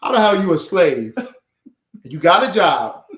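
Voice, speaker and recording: A man leading an informal scripture class, talking in a mocking, animated, slangy way. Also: sits high, unhurried. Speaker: class leader. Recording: echoey room.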